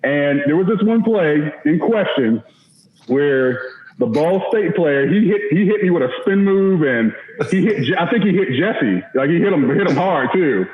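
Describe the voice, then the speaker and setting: A man's voice: fairly high pitch, lively intonation, normal speed. A man in his forties, a former college offensive lineman, telling a rambling, self-mocking story in casual talk. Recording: echoey, dull remote audio.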